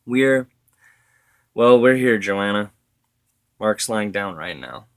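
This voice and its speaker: A man voicing a grieving grandfather, an older man whose strained talk breaks into anguished shouts. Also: lowish voice, animated, slow pace, clean tone. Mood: weary.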